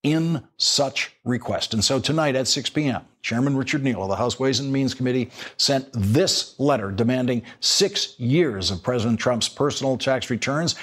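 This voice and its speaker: A man's voice: medium pitch, moderate pace, few pauses, fairly bright tone. A man hosting a cable news show, explaining a law and questioning a guest, with restarts when he asks questions. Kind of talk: cable news monologue and interview.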